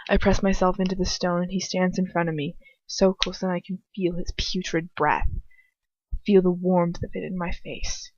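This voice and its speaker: A woman's voice: fairly low pitch, level tone, normal speed, darkish tone, no echo, highs cut off. A woman reading first-person fan fiction aloud at home, stopping for chatty asides and laughing at herself. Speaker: amateur audiobook reader.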